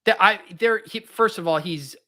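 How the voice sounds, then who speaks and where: A man's voice: high-pitched, normal speed, bright, forceful tone. A man hosting a casual sports podcast, playful and teasing with crude jokes. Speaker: podcast host. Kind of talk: casual chat.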